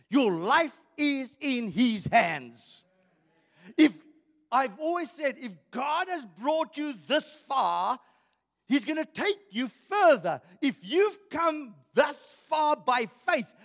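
A male pastor preaches in a high, lively voice that rises and falls dramatically. He delivers his lines slowly and with emphasis, pressing the congregation with rhetorical questions. Long reverb trails each phrase through a church hall. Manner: emphatic, rhetorical questions, swinging from loud to hushed. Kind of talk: sermon.

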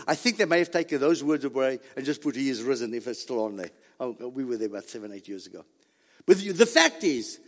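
Brief: male preacher, high and animated voice, emphatic repeats, long hall reverb. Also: moderate pace. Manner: emphatic, repetitive, rising to near shouts. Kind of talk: sermon.

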